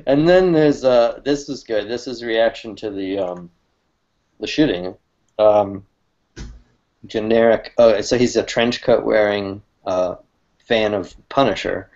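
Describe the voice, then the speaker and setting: A man with a fairly low voice talks in a loose, rambling way, often stopping to restart his sentences. He laughs easily between thoughts. The audio sounds dull and lo-fi, like an online call. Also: slow, a little mellow. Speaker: cartoonist co-host. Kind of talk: casual chat.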